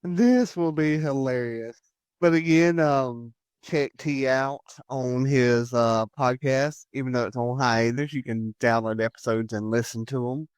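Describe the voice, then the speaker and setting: A man from the United States hosts a podcast in a loose, joking chat. His voice is smooth and clear, and the sound is dry and close. He laughs easily between his lines. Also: mid-range voice, unhurried, dry recording. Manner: jokey and chatty, laughs often. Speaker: podcast host. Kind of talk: casual chat.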